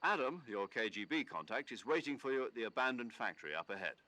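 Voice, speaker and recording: Stern commanding officer. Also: male voice, mid-range voice, sing-song, fast, pushed and bright. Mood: stern briefing. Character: male commanding officer giving a mission briefing, stern. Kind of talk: video game dialogue.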